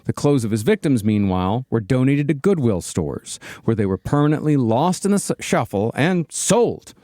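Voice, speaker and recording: A man's voice: medium pitch, sing-song, normal speed, warm tone, no room sound. A man hosting a podcast, reading a researched true-crime account with dry asides between co-hosts' banter. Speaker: podcast host narrating a true-crime case.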